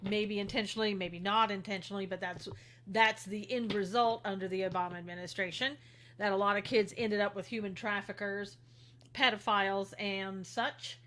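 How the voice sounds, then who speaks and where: A woman's voice: mid-range voice, steady tone, moderate pace, fairly bright tone. A woman hosting a casual political commentary livestream, chatting and greeting viewers by name as she goes. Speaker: livestream host.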